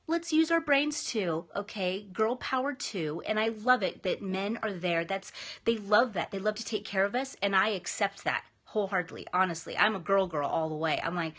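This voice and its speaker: A woman's voice: medium pitch, lively intonation, normal speed, a bit bright. A woman in her thirties giving a casual, emphatic motivational talk as a vlogger, chatty and upbeat with frequent restarts.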